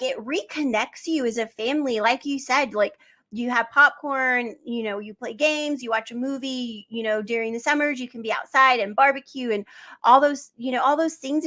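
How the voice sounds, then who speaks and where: A woman's voice: on the high side, bright, forceful tone. A woman hosting a devotional livestream from home in a casual, enthusiastic, rambling way, reading out and answering viewers. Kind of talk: casual live-stream chat.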